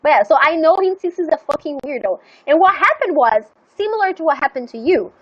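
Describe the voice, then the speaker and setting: Young female streamer, high voice, chatty and rambling, swears freely, slightly muffled audio. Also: fast. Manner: rambling and animated, full of "like" and swearing. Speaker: live streamer. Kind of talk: casual storytelling chat.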